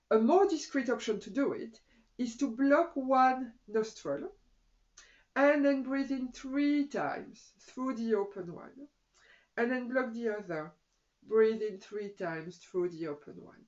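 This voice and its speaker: A woman's voice: mid-range voice, a little mellow. Middle-aged woman, yoga teacher, casual chatty delivery to camera; muffled lo-fi recording. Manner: chatty, says "you know" a lot.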